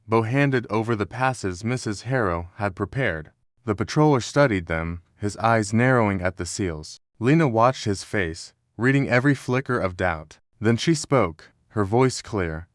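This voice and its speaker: A man giving a scripted narration of a historical story in a steady, measured way. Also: lowish voice, no echo, clean studio sound. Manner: steady, measured storytelling with quoted dialogue read in the same voice.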